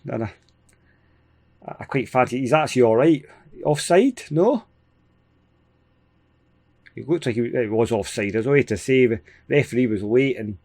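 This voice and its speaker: A Scottish man hosting a gaming video, giving casual, excitable play-by-play with frequent chuckles. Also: medium pitch, normal speed, vocal fry, pauses often. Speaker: gaming channel host. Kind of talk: casual let's-play commentary.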